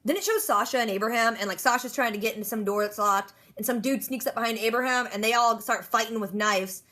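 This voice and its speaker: A woman recapping a TV episode in a rapid, chatty way, dropping sarcastic asides. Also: a little high, pushed and bright. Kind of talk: casual fast-paced episode recap.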